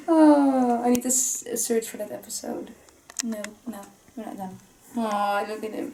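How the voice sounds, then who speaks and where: A woman's voice: a little high, a little slow, mellow, a little hiss or hum. A woman hosting a vlog, chatting casually and giggling often while unboxing collectible toys. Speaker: vlog host.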